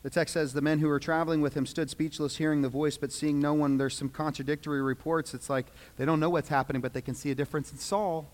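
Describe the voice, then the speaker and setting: A man preaching a sermon, dramatic, swinging from loud pleading to hushed quiet. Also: a little high, little pitch movement, fast, few pauses. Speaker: pastor. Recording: long reverb of a large hall.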